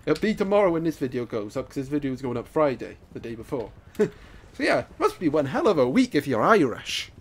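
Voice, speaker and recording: A man giving excitable live commentary over his own gameplay, laughing and taunting opponents. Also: on the high side, fairly quick, slight background noise. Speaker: gaming YouTuber.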